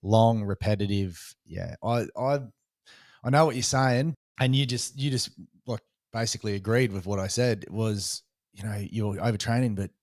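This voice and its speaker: Man, podcast host, low voice, dry close sound, earnest short phrases. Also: moderate pace, a little mellow, dry recording. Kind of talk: casual interview chat.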